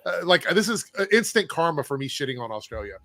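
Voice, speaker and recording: A man's voice: fairly high pitch, sing-song, fast, pushed and bright. A man hosting a casual live-stream chat, joking and teasing his guests. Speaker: host.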